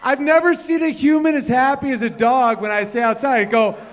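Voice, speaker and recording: Brash, high-voiced comedian in a bar. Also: male voice, fairly even intonation, a little fast. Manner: loud, brash and profane, teasing an audience member. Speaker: comedian at the piano. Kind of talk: bar crowd work between songs. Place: bar or club room. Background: faint piano.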